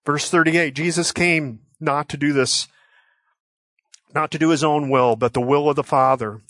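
A man preaching a sermon in an earnest, measured way, slowing down to stress quoted scripture. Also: fairly high pitch, steady tone, a bit bright, dry recording, studio quality. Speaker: pastor.

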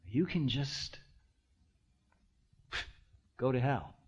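A man preaching a sermon, swinging between hushed near-whispers and loud, impassioned passages, drawing out key words slowly. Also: medium pitch, big pitch swings, breathy edge, muffled recording. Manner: slow, drawn-out emphasis on key words. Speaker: pastor.

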